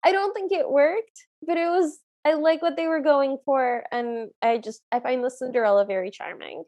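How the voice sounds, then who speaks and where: An enthusiastic woman co-host recapping a film in relaxed podcast chat. Her voice sits noticeably high, and she narrates scenes eagerly. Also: normal speed, highs cut off. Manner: enthusiastic, retells scenes with quoted lines.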